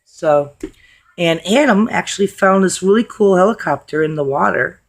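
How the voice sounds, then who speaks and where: A woman with a hoarse, worn voice tells a story to her camera in a loose, chatty way. She is blunt and swears casually as she talks. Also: fairly low pitch, lively intonation, moderate pace. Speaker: vlogger.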